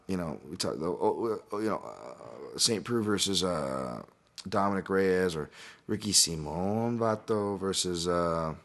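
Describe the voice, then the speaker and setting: A man hosting a casual solo podcast, rambling and correcting himself as he talks through a strained, sore throat. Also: low-pitched. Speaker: podcast host and fight analyst.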